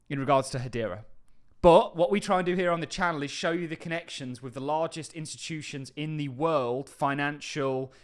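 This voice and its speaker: A man who hosts a crypto channel offers casual market commentary in an enthusiastic, emphatic style, often dropping offhand asides. His voice is on the high side.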